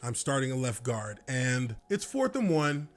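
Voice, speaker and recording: A man, a former football lineman, telling a story from his playing days in an animated way, swearing and laughing now and then. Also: medium pitch, a little slow, faint music behind. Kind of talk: storytelling monologue.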